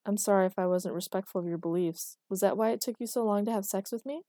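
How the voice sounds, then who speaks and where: A woman narrator voices a frank, literal-minded young woman who keeps asking innocent questions. The tone stays warm and mellow, recorded close and dry. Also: mid-range voice, fast, no echo, natural voice. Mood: curious.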